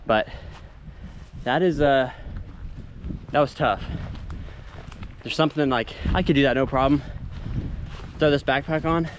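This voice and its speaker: A man's voice: mid-range voice, steady tone. A man from the American South, vlogging on a backpacking trip, out of breath and chatty, thinking aloud outdoors with a handheld camera. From Arkansas. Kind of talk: casual outdoor vlog narration. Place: outdoors by a waterfall in the woods. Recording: rushing water noise behind.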